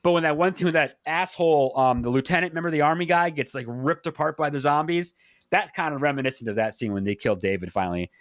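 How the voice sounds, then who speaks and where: A man's voice: fast, no echo, clean studio sound. A man hosting a podcast, casually talking through a movie and acting out its lines with big jumps in voice. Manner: animated, acts out quoted lines with big pitch jumps. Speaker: podcast host.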